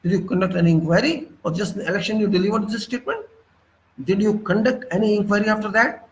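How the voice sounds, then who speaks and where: A man's voice: sits high, quick pace, low-quality recording. A man with an Indian English accent giving an impassioned political monologue, indignant and full of rhetorical questions. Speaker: political commentator.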